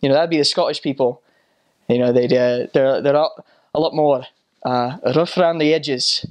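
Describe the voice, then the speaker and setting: A man in his twenties, a former missionary, talking casually and haltingly about his time abroad. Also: mid-range voice. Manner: relaxed, halting, full of fillers. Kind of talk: casual storytelling.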